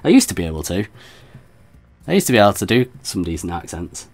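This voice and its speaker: Guy streaming a game, low voice, chatty and laughs at himself. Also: big pitch swings, fast, a little mellow. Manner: chatty, self-deprecating, laughs easily. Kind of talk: let's play commentary.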